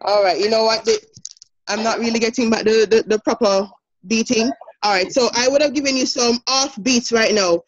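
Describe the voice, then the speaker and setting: A woman teacher with a Jamaican accent giving an online lesson, brisk and encouraging, laughing often. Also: on the high side, fairly even intonation, highs cut off.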